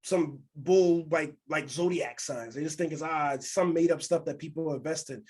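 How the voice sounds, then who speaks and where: A man's voice: a little high, moderate pace, darkish tone, husky. A man co-hosting a casual podcast, telling candid stories and acting out quotes in other voices. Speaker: podcast co-host.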